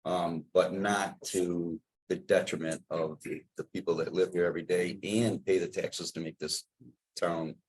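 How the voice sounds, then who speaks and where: A man's voice: deep voice, flat delivery, measured pace, breathy edge, low-quality recording. A man on a village board, speaking earnestly at a public meeting. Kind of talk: meeting discussion.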